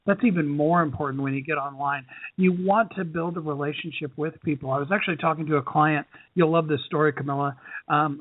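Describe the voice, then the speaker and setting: A man's voice: on the high side, no room sound. A man hosting a podcast, chatting earnestly with his guest and asking her questions. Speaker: podcast host. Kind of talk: conversational interview. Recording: tinny phone-like line.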